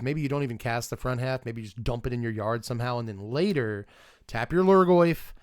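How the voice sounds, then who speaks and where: A man casually reviews game cards on a live stream, chatting and thinking aloud with rambling asides and restarts. His mid-range voice has a clean tone, captured as dry, clean studio sound.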